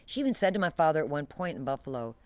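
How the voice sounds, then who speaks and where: A woman speaking as an interview guest, steady and detached as she retells a deeply painful memory. She stumbles, restarts and lets phrases trail off, as if talking through something that happened to someone else. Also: very fast. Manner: detached, matter-of-fact retelling of a painful loss. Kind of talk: emotional personal storytelling.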